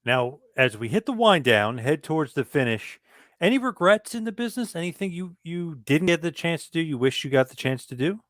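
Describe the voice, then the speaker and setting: A man's voice: on the high side, very animated, fairly quick. A man hosting an interview, asking prompting questions and giving brief reactions. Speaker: interviewer, host.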